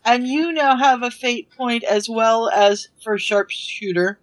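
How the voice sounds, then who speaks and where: A woman's voice: on the high side, takes it slowly, poor audio. Woman running a tabletop game. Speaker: game master.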